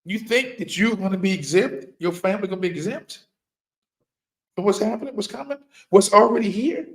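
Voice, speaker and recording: A man's voice: high-pitched, brisk. A middle-aged man giving an impassioned, preaching monologue as a firearms trainer, repeating key lines for emphasis and firing rhetorical questions at his listeners.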